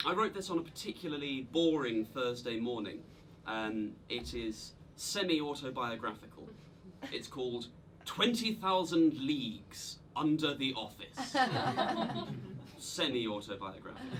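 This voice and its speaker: A man's voice: mid-range voice, big pitch swings, measured pace, a bit bright. A man doing stand-up storytelling with a slight cold, self-deprecating and hesitant, projecting unmiked in a small live room. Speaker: stand-up comedian. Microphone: no microphone, projecting to the room. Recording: live room with laughing audience.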